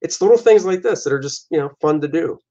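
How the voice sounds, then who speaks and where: A man's voice: a little high, animated, fast, mellow. A man, a comic artist and host, casually talking through his own artwork in a loose, jokey, rambling way. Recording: dull lo-fi recording.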